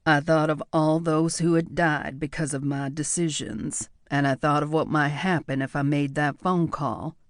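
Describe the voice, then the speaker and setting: A man reading a first-person audiobook in a measured, reflective way. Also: fairly high pitch, dry recording, clean studio sound. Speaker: audiobook narrator.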